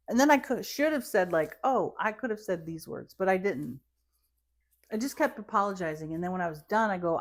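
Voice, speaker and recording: A woman's voice: fairly low pitch, animated, brisk, creaky. A woman co-hosting a podcast, throwing in dry, teasing quips in casual chat. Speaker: podcast co-host.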